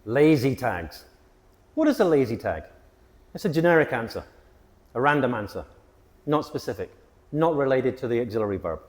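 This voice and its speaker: A man teaching an English grammar lesson, with a clear and emphatic delivery. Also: medium pitch, big pitch swings, moderate pace, long pauses, in a large hall. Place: hot location.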